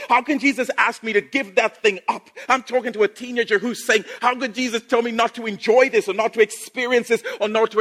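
A man preaching a sermon in a playful, animated way, laughing and repeating phrases for emphasis. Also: extremely high pitch.

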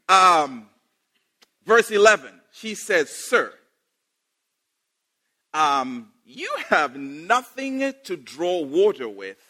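A man preaching a sermon in a playful, animated way, laughing and repeating phrases for emphasis. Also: a little high.

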